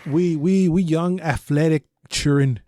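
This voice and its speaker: A young man on a casual podcast, telling a story with lots of swearing and acting out the lines he shouted. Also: on the high side, a little slow, no room sound, clean studio sound. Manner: profane animated storytelling, acts out shouted quotes. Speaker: podcast co-host.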